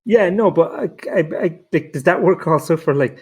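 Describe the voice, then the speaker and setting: A jokey man co-hosts a relaxed podcast, laughing as he goes and slipping into silly voices to act out his stories. His voice sits a little high. He talks in rambling, comic bursts. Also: normal speed, slightly rough. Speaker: podcast co-host. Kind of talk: casual chat.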